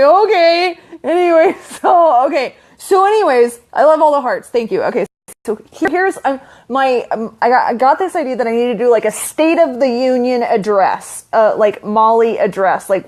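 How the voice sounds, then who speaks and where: A young woman coaching online, talking casually to her livestream viewers, rambling with lots of fillers and frequent swearing. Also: medium pitch.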